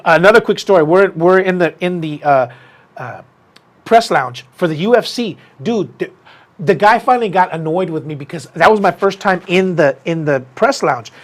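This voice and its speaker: A man's voice: high-pitched, lively intonation, normal speed. A man hosting a combat sports podcast, chatting casually and telling rambling stories full of "dude" and restarts. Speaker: podcast host. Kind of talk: casual fight talk and storytelling.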